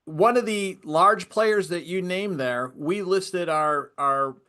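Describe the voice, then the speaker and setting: A man's voice: high-pitched, slow pace, bright, forceful tone. A man hosting a podcast interview, chatty and storytelling, interjecting with his own experiences. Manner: chatty, tells stories with acted quotes. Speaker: podcast host.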